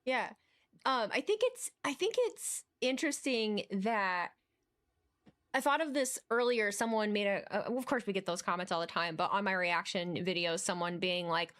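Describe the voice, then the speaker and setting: A woman's voice: mid-range voice, lively intonation, normal speed, fairly bright tone. A woman co-hosting a casual podcast chat, who rants emphatically and swears. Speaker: podcast co-host.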